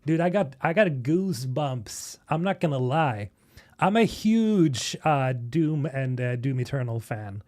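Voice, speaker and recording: A young man from Sweden reacting to game trailers on a live stream, excitable and swearing, talking to chat. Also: mid-range voice, unhurried. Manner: excitable, swearing, chatting with viewers. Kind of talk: casual live-stream commentary.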